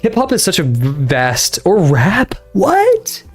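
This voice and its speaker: A young man streams from his bedroom, chatting loosely as he draws, his high, breathy voice swooping wildly in pitch while he takes things slowly. He rambles and gets easily distracted, full of fillers, restarts and frequent laughter, with soft music playing in the background.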